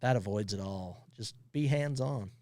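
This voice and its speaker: A man who owns a towing company, guesting on a podcast and telling funny stories in a casual, animated way, often laughing as he talks. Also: fairly low pitch, unhurried, no echo. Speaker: tow truck company owner, podcast guest. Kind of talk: casual storytelling.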